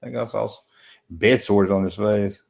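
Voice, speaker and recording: A man's voice: on the low side, fairly even intonation, normal speed, creaky, a little mellow. Laid-back man rambling late at night. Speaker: host of a late-night movie watch-along stream. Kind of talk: casual live commentary while reading chat. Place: home room, late at night.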